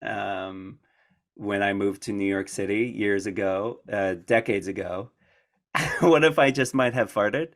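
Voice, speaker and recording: At a conference, a speaker with a fairly low, fairly bright voice answers audience questions a little slowly. He rambles casually, laughs often, and keeps restarting his sentences.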